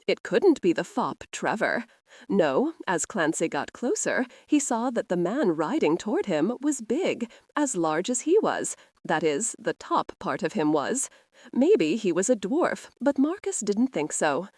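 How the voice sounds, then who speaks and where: A woman reading a romance audiobook in an expressive, scripted narration. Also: medium pitch, a little slow, no echo, clean studio sound.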